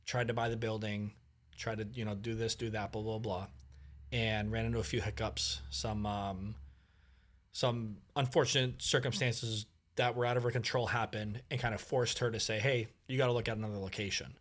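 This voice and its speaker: A man telling a long story as a podcast guest in casual conversation, animated and full of fillers. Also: fairly low pitch, moderate pace. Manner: animated, acts out quoted dialogue, many fillers.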